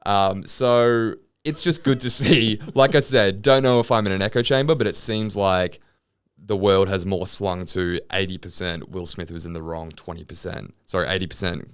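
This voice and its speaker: A man co-hosting a podcast, laid-back and agreeable, with quick jokes. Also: sits low, clear, resonant tone, dry recording. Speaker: podcast co-host. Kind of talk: casual podcast chat.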